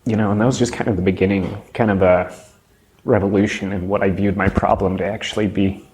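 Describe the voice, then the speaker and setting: A man's voice: low voice, fairly even intonation, brisk, darkish tone. A man, a former student now on staff, reflecting earnestly on his past, often adding "you know" and "right?". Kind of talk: personal testimony.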